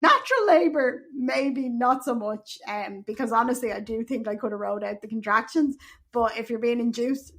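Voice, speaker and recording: A woman's voice: a little high, expressive, moderate pace, a bit bright. A young adult woman with an Irish accent, hosting a podcast and telling a frank personal story with blunt, swearing candour. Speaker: podcast host.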